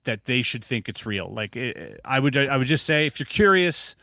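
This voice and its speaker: A man in his thirties, a podcast guest, telling a personal story in a casual, animated way with many restarts, acting out his own reactions. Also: mid-range voice, moderate pace, no room sound.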